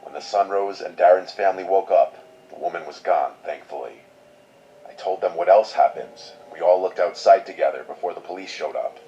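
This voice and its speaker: A man with a very low voice tells a scripted horror story in a measured, somber way. The sound is dull and lo-fi, with a faint hiss underneath. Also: dark tone.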